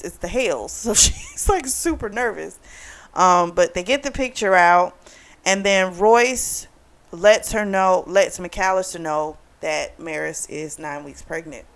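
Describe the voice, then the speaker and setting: A woman's voice: deep voice, a bit bright. A woman casually retelling a book's plot for a review, acting out the characters' lines in quotes as she goes. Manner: chatty storytelling, retells dialogue in quotes. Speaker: book club vlogger. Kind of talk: casual book review recap.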